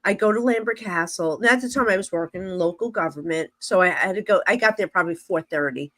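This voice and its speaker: Her voice leans low and she talks fast: a middle-aged woman with a New Jersey accent, appearing as a psychic medium guest on a podcast. She tells her story with animation, acts out the dialogue, and laughs often, with no room sound.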